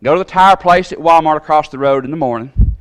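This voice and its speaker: Man, fairly high voice, folksy animated storytelling, sermon. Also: fast talker, clean tone. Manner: folksy, animated storytelling with big pitch jumps.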